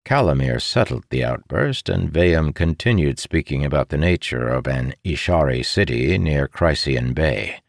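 Deep gravelly male audiobook narrator. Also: lively intonation, normal speed, few pauses, dry recording, studio quality.

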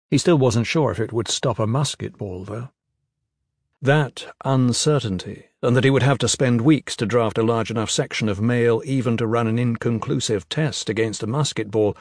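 A man narrating a fantasy novel in a measured, even storytelling manner into a close studio mic. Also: medium pitch, no room sound. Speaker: audiobook narrator.

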